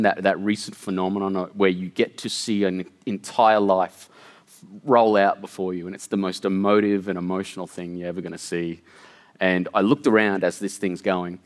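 Man, middle-aged, very low voice, earnest storytelling, lots of ums and restarts. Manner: earnest, tumbling, many fillers and restarts. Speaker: guest storyteller. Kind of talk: emotional personal storytelling.

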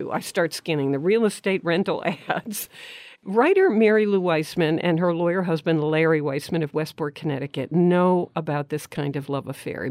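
A woman hosting a radio talk show in a studio, chatty and quick to laugh. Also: lowish voice, darkish tone, no room sound. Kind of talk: studio interview.

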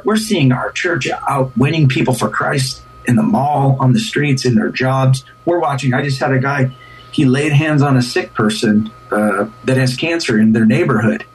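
A man's voice: mid-range voice, husky, far from the mic, low-quality recording. A man who is a pastor, speaking as a guest in an earnest, casual interview, often repeating and restarting words.

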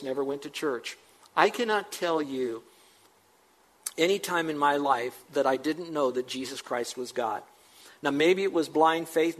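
A man's voice: fairly high pitch, low-quality recording. Conversational preaching man, emphatic peaks. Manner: conversational, rising to emphatic peaks, slows for quoted scripture. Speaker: pastor. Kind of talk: sermon.

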